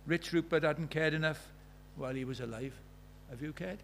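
A man's voice: on the high side, moderate pace, creaky, slight background noise. A man preaching a sermon, earnest and questioning, retelling conversations as dialogue.

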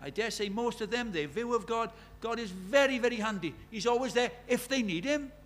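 Male preacher, high voice, chatty sermon with questions to the pews, scripture read with rising force. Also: expressive, a little fast, fairly bright tone. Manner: conversational, asks the congregation many questions.

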